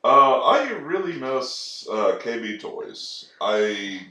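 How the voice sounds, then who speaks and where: Slow-talking man with lively pitch, echoey room. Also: distant mic. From Texas. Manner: slow, dry delivery breaking into loud laughs. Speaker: podcast co-host. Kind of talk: casual profane chat. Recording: roomy echo.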